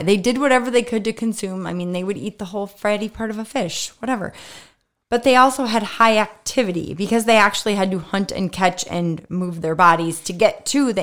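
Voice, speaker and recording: A woman co-hosting a podcast with a slightly low voice. She chats casually, laughs a lot and teases her partner while she explains. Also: a bit bright. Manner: laughs often, teasing, rambling explanations. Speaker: podcast co-host, doctor. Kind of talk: casual chat.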